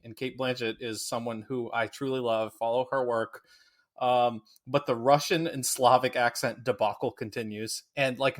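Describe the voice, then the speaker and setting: A man co-hosting a casual podcast, rambling and chatty with many "like"s. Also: medium pitch. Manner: chatty, rambling, laughs often. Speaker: podcast co-host.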